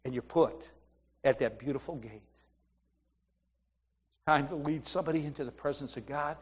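High-voiced man preaching in an echoing hall. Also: moderate pace, slightly rough, dull audio. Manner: animated storytelling, acts out voices in his stories. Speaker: pastor. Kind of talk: sermon. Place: church sanctuary.

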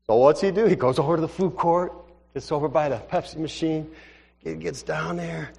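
A man's voice: fairly high pitch, normal speed, vocal fry, husky. A male pastor telling stories in a conversational sermon, acting out the dialogue as he goes. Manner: animated, conversational, acts out dialogue. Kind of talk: sermon storytelling. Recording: reverberant hall.

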